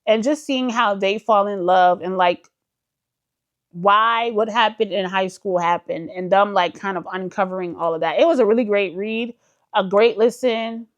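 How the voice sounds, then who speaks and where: A woman's voice: mid-range voice, normal speed, dull audio. Chatty woman book vlogger. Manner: chatty, enthusiastic, uses many fillers like "like"; addresses viewers as "y'all". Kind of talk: casual chat.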